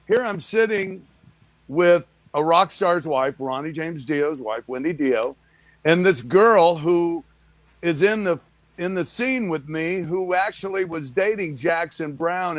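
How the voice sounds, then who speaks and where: Male guest, lively anecdote-teller, slightly raised pitch, dry and close. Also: a little slow, no echo. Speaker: guest musician. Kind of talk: casual chat, storytelling.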